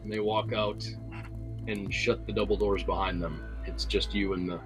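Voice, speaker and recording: A man's voice: lowish voice, little pitch movement, moderate pace, music in the background, rough recording. A man narrating a tabletop game as game master, rambling and hesitant, with many fillers.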